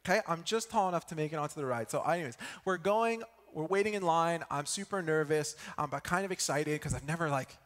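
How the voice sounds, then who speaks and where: Young man, student preacher, lively storytelling, higher voice, echoey church hall. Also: quick pace, few pauses. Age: young adult. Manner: lively storytelling, checks in with the audience. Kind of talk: sermon with personal story.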